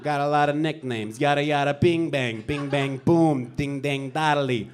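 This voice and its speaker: A man plays a cocky small-time crook who brags in a swaggering gangster patter. The voice sits high and rides on a handheld mic on a comedy club stage. It is a stand-up bit, loud and showy. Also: measured pace, lightly acted. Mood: boastful. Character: cocky male small-time criminal braggart. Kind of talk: stand-up comedy battle set.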